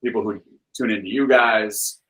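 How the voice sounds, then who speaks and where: Rambling storytelling man, lowish voice. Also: moderate pace, low-quality recording. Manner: rambling, animated storyteller, frequent "like" and "you know". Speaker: guest, film director and author. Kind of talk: casual podcast interview.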